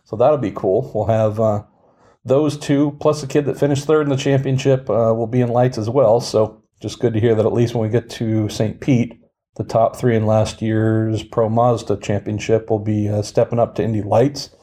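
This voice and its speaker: A man's voice: on the low side, steady tone, normal speed, warm tone. A man in his forties hosting a casual podcast, reading the news with dry, wry humor. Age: 40s. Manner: dry, wry delivery of news with mock hype. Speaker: podcast host.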